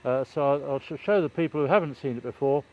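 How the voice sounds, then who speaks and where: A man's voice: mid-range voice, fast talker, dull audio. An older man vlogging outdoors beside a construction site, chatting in a meandering, hesitant way with wry self-deprecating humour, filming on a handheld phone. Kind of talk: rambling casual vlog chat.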